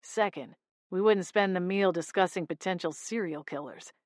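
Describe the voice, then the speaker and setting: A woman voicing a smooth, slick male hunter. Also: lowish voice, normal speed, dry recording, clean studio sound, close to an everyday voice. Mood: teasing. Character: smooth, teasing adult male monster hunter. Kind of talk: audiobook character voice.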